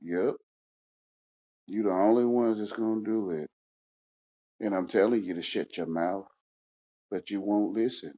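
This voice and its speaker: A panel speaker launches into a heated, casual rant, confrontational and repetitive, lurching from yelling to mumbling. He speaks a bit slowly in a fairly low voice, with long pauses, captured in dull lo-fi audio.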